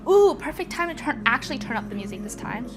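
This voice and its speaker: Young woman streamer, high bouncy voice, bubbly and scattered, chatting live from home. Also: very animated, quick pace, over music. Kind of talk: casual live-stream chat. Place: at home by a walking pad.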